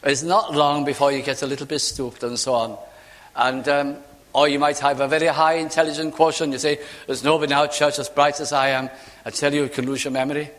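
Older Welsh preacher in a reverberant hall. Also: male voice, a little high, fairly even intonation, fairly quick. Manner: fervent, swings between loud ringing lines and hushed asides. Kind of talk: sermon.

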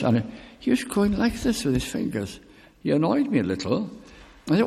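An older man preaching a sermon with personal testimony, speaking slowly and deliberately, drawing out key words. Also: fairly high pitch, wildly swooping pitch, creaky, mellow, breathy edge. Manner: slow, deliberate, drawn-out emphasis. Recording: long reverb in a hall.

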